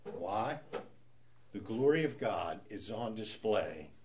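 A man's voice: lowish voice, animated, slow pace, darkish tone, slight background noise. Guy teaching a bible class, chatty, keeps asking "right?". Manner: conversational, asks rhetorical questions with frequent "right?".

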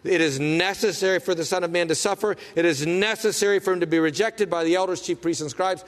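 A man preaching a sermon as pastor, emphatic, asking rhetorical questions and swinging from loud to hushed. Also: high voice, quick pace, hardly any pauses, in a large hall.

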